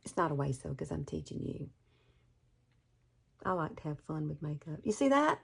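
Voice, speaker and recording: A low-pitched, husky, creaky voice with big pitch swings belongs to a beauty vlogger in her 50s from Alabama, USA, who talks at a normal speed. With her Southern accent, she chats folksily through a makeup tutorial and calls the viewer "girl."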